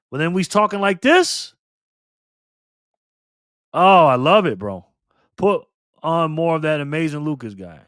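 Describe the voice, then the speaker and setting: A man hosting a casual livestream, reading and answering the chat excitedly. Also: on the high side, normal speed, pauses often, no room sound, studio quality. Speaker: livestream host.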